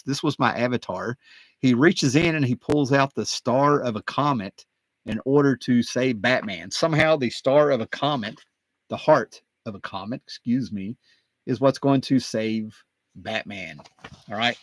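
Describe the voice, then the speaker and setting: A man's voice: mid-range voice, dry recording. Chatty man rambling about collecting. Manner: excited, digressive, many fillers. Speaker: comic book collector and video host. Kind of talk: casual rambling talk.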